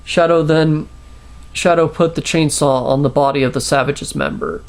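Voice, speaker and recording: A man reading his own short story aloud, halting with restarts and fillers. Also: a little high, fairly even intonation. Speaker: storyteller, channel host.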